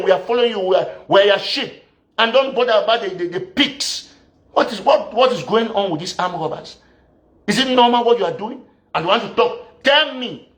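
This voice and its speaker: Ranting about politics, a Southern Cameroonian activist berates his opponents and launches one rhetorical question after another. His voice is high-pitched and a bit bright.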